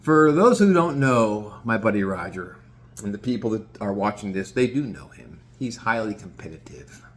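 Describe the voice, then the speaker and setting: Man, casual storytelling, lively pitch, animated, swearing. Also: moderate pace. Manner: animated, swearing, lots of restarts. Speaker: vlogger.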